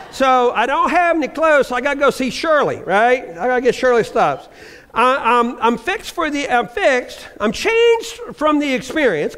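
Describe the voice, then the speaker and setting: A man's voice: very high voice, fairly bright tone. An older man telling a humorous personal testimony in a church, acting out the people in his story. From Virginia. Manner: storytelling with acted-out quotes, humorous. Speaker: church member giving testimony. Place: church sanctuary. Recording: reverberant church sanctuary.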